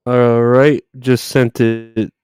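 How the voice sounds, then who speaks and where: Unhurried, profane male live streamer. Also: medium pitch, level tone, darkish tone, clear, resonant tone, dry recording. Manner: loose and profane, greets viewers, laughs often. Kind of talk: casual live-stream chat.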